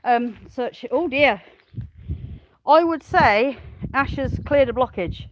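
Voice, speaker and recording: Here the farmer-vlogger's voice is high-pitched with lively intonation, and she takes things slowly. She strolls her farm outdoors, cheerfully chatting to camera, laughing and talking to animals and viewers, on poor audio with a little hiss or hum.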